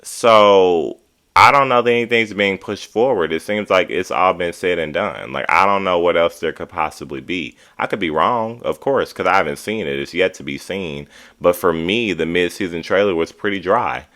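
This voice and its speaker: Deep-voiced sassy man recapping TV. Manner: animated, sassy, drawn-out commentary. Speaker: reality TV recap host. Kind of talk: casual opinionated recap.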